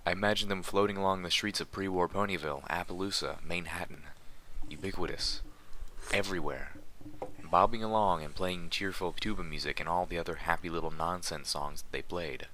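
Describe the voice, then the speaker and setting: A man reading a fan fiction story aloud in steady, even narration. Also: low voice, fairly quick, slight background noise. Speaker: reader.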